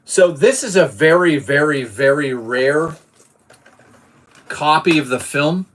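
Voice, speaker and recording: Man from Boston, casual live-streamer, loose and profane, reads chat aloud, a touch higher-pitched voice. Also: expressive, slow pace. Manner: chatty, swears casually, reads out chat messages.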